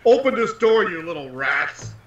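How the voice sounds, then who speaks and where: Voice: medium pitch, sing-song, moderate pace. A tabletop player voicing an intimidating adventurer who barks commands, heard through a roomy, dull recording. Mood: menacing. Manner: barking, commanding. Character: intimidating adventurer barking orders at kobolds. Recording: roomy, dull lo-fi sound with faint noise.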